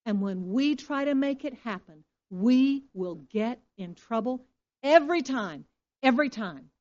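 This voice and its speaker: Female pastor, mid-pitched, emphatic sermon voice full of rhetorical questions; slightly muffled lo-fi recording. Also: a little mellow. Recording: dull lo-fi recording.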